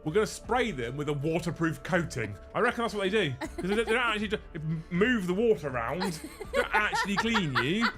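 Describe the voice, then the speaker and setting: A man's voice: high-pitched, wildly swooping pitch, fast talker, fairly bright tone, faint music behind. A British man hosting a casual stream, ranting comically and swearing freely. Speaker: streamer host. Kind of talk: casual comedic rant.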